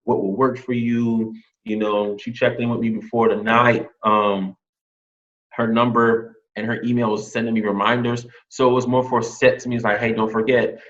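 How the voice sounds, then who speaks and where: A man who was just hired as a teacher, telling a lively story in a casual interview and acting out what other people said. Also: medium pitch, moderate pace. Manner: animated, quotes others in lively re-enactments. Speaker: new teacher hire. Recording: dull lo-fi sound.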